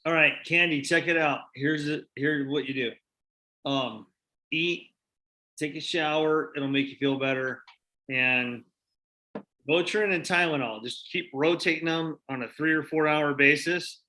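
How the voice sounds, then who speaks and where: Easygoing bright-voiced man. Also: a little high, unhurried. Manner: easygoing, offers friendly advice. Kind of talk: casual live-stream chat.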